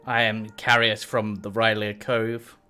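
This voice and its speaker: A man's voice: on the low side, level tone, unhurried, sharp tone, clear, resonant tone. A man playing a tabletop role-playing game, speaking in a wry tone and laughing easily. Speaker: player.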